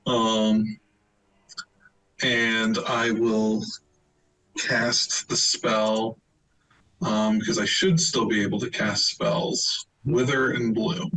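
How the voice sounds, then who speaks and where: A man's voice: fairly low pitch, level tone, extremely slow, pauses often, sharp tone, a little hiss or hum, poor audio. A man playing a tabletop game, laid-back, reading out his rolls and spells. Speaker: player.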